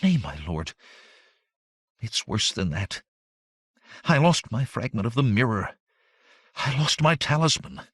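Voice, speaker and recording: A frightened young woman, drained from a hard journey, who speaks haltingly and breathily, played by a man reading aloud. Her lines lift above the narrator's deep register but stay close and dry. The voice sounds near and intimate. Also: sing-song, breathy edge, no room sound. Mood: fearful.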